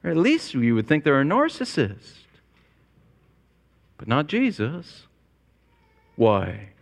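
Man, pastor, sermon, fairly high voice, big reverb of a church hall. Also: huge pitch swings, slow pace, vocal fry. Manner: rising to emphatic high peaks, then dropping low and quiet. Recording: long reverb of a large hall.

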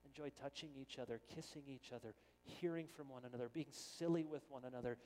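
A middle-aged man preaching a sermon as pastor, earnest and animated, with quick stammered restarts. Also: medium pitch. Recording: long reverb of a church hall.

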